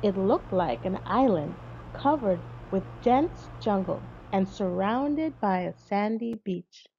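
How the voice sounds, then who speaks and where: A woman narrating a children's storybook aloud in a slow, expressive read-aloud manner. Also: mid-range voice, gravelly, muffled recording, background noise. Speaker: audiobook narrator.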